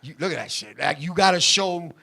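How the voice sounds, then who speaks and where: A man hosting a talk show, telling animated stories in casual chat, swearing freely and acting out quotes. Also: a little high, a little fast, gravelly. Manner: animated storytelling with lots of swearing and acted-out quotes.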